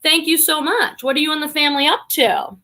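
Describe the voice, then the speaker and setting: A middle-aged reseller from the Boston area hosts a casual livestream in a high-pitched, fairly quick voice that sounds pushed and bright. With a slight Boston accent, she reads out comments and greets viewers by name.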